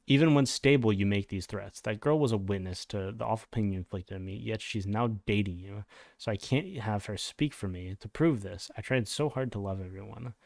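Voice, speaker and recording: A man's voice: fairly low pitch, moderate pace, gravelly, darkish tone, no echo. A man on a commentary channel reading a written statement aloud and breaking off for blunt, profane reactions. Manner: blunt, swears in his asides. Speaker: commentary YouTuber.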